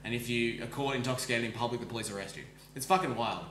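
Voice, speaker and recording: Australian man, podcast host, bright tense voice, rapid rambling, swears a lot. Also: mid-range voice, roomy sound, a little hiss or hum. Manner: rapid, swearing, full of likes and restarts. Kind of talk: casual storytelling chat. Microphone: streaming microphone.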